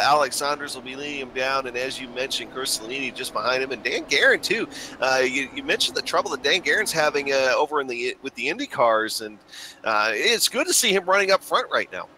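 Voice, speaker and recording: A man commentating a sim race broadcast, relaxed and full of fillers, turning excited on the restart calls. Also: medium pitch, brisk, slight background noise. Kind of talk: sim racing play-by-play commentary.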